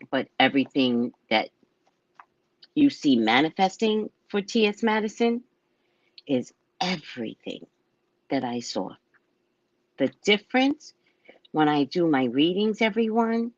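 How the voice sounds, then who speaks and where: West indian lady psychic chatting about clients, voice jumps all over, bit husky, sounds dull and muffled. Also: no room sound. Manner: animated, acts out clients in loud high voices. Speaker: psychic, show host. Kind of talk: casual storytelling monologue.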